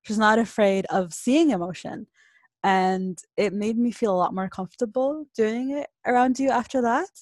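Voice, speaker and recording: A young woman talks openly in a relaxed podcast chat. She laughs often as she speaks. Her voice is recorded close and dry. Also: on the high side, moderate pace, no echo. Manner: laughs often, emotional and open. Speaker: podcast co-host. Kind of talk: casual chat.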